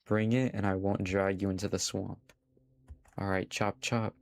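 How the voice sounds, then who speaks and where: A man's voice: deep voice, little pitch movement, unhurried, vocal fry, no room sound. A man reading aloud the lines of a vain, teasing female swamp fairy in a game. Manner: teasing, bargaining.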